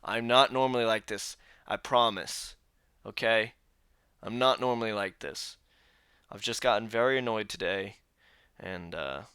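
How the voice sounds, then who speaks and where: A man's voice: on the low side, sharp tone, dry recording. A tired young man hosting a reaction vlog, talking casually to a phone camera from his room and grumbling about his day. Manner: weary and grumbling, venting frustration. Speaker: reaction channel host. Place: indoor room, seated.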